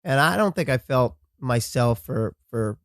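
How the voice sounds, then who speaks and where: A man as a podcast guest talking casually, often halting and restarting his words. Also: mid-range voice, lively intonation, dry recording, studio quality. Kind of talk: casual conversation.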